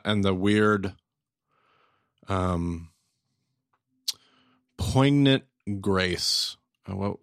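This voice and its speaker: A man's voice: low-pitched, gravelly, a bit bright, no echo, clean studio sound. A man co-hosting a casual podcast discussion, reflective and wry with emphatic turns. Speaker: podcast co-host, Bible teacher.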